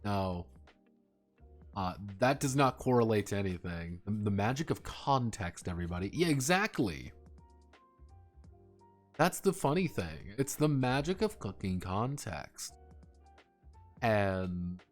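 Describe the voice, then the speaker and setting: Animated, profane male streamer. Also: on the low side, unhurried, long pauses, faint music behind. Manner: excitable and profane, swearing and laughing often. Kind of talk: casual live-stream chat.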